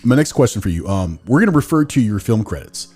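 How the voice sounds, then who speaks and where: A man's voice: fairly low pitch, big pitch swings, fast talker, darkish tone, breathy edge, faint music behind. A man hosting a podcast in casual chat, rambling and laughing at himself. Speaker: podcast host.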